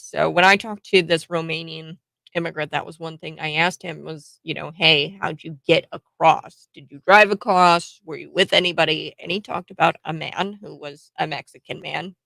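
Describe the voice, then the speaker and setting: Gravelly blunt woman host. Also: sits low, sharp tone, no echo. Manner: blunt, sarcastic, laughs between points. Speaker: political commentary host. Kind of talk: casual political commentary.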